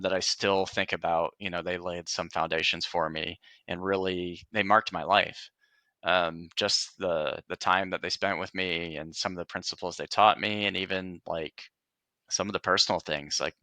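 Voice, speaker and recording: Deep bright-toned man in casual interview. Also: dry recording. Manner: earnest, reflective, with many fillers and restarts. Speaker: podcast guest, entrepreneur.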